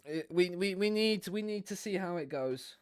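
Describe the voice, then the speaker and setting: A man's voice: sits high, normal speed, clean tone, dry recording, studio quality. A young man streaming a football management game, chatting casually with viewers in a rambling way. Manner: rambling, chatty, talks to viewers while playing.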